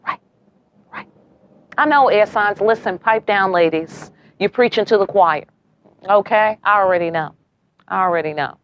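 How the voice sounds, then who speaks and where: A woman's voice: medium pitch, moderate pace, pauses often, dull audio, slight background noise. Brash, profane woman tarot reader. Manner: brash and profane, full of rhetorical questions and "okay?". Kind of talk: casual tarot reading to camera.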